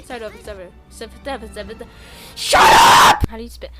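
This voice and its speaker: A woman streaming games as a vtuber, giggling and breaking into loud, chaotic outbursts. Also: a little high, fairly even intonation, fast, soft background music. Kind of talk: casual game stream chatter.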